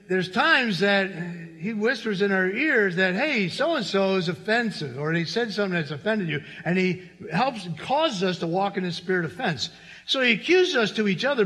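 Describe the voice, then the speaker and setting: A man's voice: high-pitched, sharp tone, in a large hall. A middle-aged man pastor preaching a sermon in a church, talking conversationally and turning to the congregation with asides. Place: church sanctuary.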